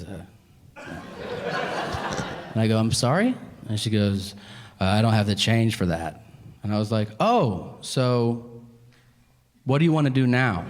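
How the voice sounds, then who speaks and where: A male comedian with a mid-range voice performs profane stories for a live crowd, playing out each exchange in quoted voices, with noisy background sound.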